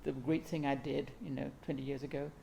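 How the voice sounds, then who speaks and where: A woman with a low, mellow voice and a gravelly edge, giving a dharma talk. She speaks calmly and gently, taking her time and pausing to reflect. A faint hiss sits under the recording. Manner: calm, gentle, unhurried, with reflective pauses.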